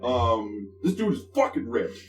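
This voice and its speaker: A man's voice: medium pitch, sing-song, unhurried. A man running a tabletop game as game master, narrating in a casual, profane, rambling way with lots of fillers. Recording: distant, echoey room mic.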